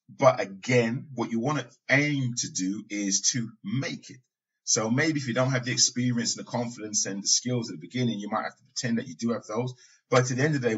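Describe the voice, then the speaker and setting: Male podcast host, husky voice, casual and rambling, muffled lo-fi recording. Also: mid-range voice, fairly bright tone. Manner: conversational, with asides and occasional laughs. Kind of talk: casual monologue. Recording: dull lo-fi sound.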